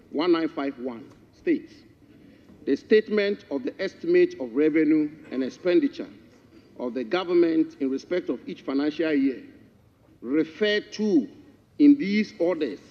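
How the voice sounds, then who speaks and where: A Ghanaian man addresses parliament in a slightly high voice, deliberate and emphatic as he quotes the rules. A long reverb from the big chamber hangs on a dull broadcast feed. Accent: Ghanaian English. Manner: deliberate, emphatic, repeats formal courtesies. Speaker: member of parliament.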